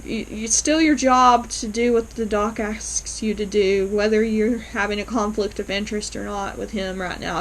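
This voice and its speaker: A woman casually recapping a TV episode, chatty and lively, acting out the lines with lots of fillers. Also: fairly high pitch, a little hiss or hum, poor audio. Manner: chatty, lively retelling with frequent fillers and acted-out quotes. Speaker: TV episode reviewer.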